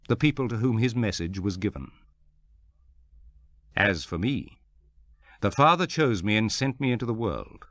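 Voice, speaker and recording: Jesus, calm and measured, read by a man. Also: lowish voice, no room sound. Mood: earnest. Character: Jesus, a calm adult male teacher speaking with authority. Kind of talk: scripture reading.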